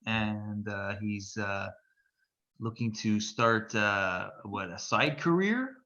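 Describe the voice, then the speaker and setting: A playful man teases his co-hosts on a video call. His voice is bright and forceful, and the call audio comes through somewhat dull and lo-fi. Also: lowish voice, expressive, slow. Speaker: podcast co-host. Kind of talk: casual chat.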